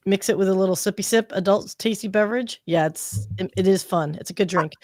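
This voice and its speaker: A woman's voice: mid-range voice, brisk, a little mellow, no echo. Woman, co-host, casual chat, joking, slangy, dry close sound.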